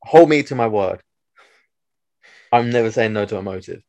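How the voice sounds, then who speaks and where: A man's voice: on the low side, lively intonation, moderate pace, a little mellow. A young man, bantering playfully as a podcast co-host. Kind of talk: casual chat.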